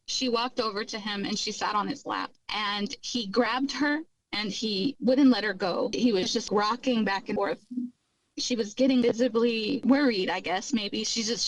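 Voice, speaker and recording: A woman's voice: on the high side, highs cut off. A middle-aged woman earnestly recounting her own hard past in a candid personal testimony. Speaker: guest recounting her life.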